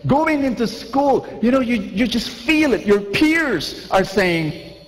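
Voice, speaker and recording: A man preaching a lively sermon, acting out little scenes and asking the crowd questions. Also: very high voice, slow, big-room sound, poor audio.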